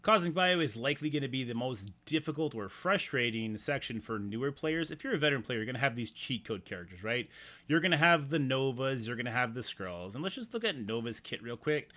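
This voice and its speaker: A man's voice: mid-range voice, very animated, brisk, sharp tone. Breathless man chatting on a live stream. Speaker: game streamer. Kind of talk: casual live-stream commentary.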